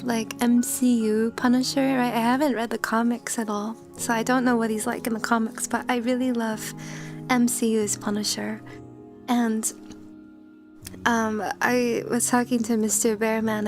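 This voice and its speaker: A woman VTuber streamer in casual livestream chat, giggly and greeting her chatters by name. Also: a little high.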